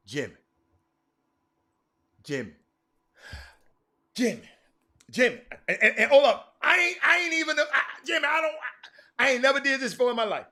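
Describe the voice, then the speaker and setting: A man hosts a casual sports talk livestream. His bright, sharp voice sits high for a man. He talks in animated bursts, repeats names and restarts his sentences. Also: moderate pace, long pauses. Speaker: sports talk show host. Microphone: streaming mic.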